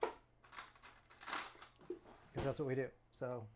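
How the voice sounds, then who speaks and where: This slow, level-toned man has a medium-pitched voice, with heavy noise in the background. He's a middle-aged Californian running his own cooking channel, chatting loosely, joking at his own expense, and sometimes talking with food in his mouth.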